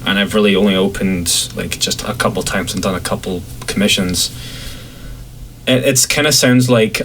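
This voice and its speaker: Man, Scottish accent, low voice, relaxed rambling podcast chat, faint noise. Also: normal speed, rough recording. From Scotland. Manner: relaxed, rambling, acts out quotes in a higher voice. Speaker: podcast guest, artist.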